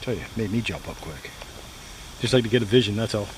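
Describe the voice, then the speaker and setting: A man casually chatting to the camera at a campsite in the woods, rambling and repeating himself in a relaxed way. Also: fairly low pitch, fast. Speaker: outdoor vlogger. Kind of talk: casual solo camping vlog. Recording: outdoor recording with steady background noise.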